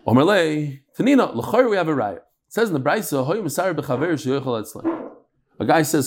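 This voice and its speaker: A man leads a Talmud class before a live audience, speaking into a microphone. His pitch jumps and swoops with real liveliness, sitting a touch above the usual male range. He jokes along the way and slips into little voices for the characters in his stories. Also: brisk, breathy edge. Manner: animated, joking storyteller acting out quoted speakers. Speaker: Talmud teacher. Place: lecture room with live audience.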